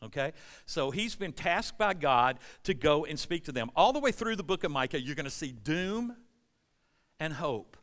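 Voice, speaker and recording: Bright-voiced pastor in a reverberant hall. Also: male voice, on the high side, lively intonation, moderate pace. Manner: storytelling, asks the congregation questions. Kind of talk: conversational sermon. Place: church sanctuary.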